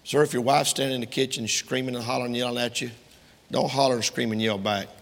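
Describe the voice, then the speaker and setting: A man's voice: mid-range voice, fairly even intonation, fast talker, gravelly, long reverb tail. A man preaching a sermon to a congregation, quoting King James scripture emphatically and speaking to his listeners directly.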